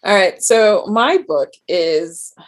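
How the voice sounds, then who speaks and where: A woman in a casual book chat, giving relaxed, brief reactions. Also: medium pitch, slow. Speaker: book reviewer.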